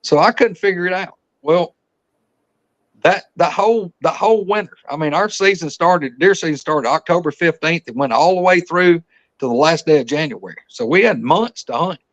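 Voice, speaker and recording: At normal speed, a man with a slightly high, fairly bright voice tells a hunting story as a podcast guest. It's casual and folksy, rambling along with frequent sentence restarts.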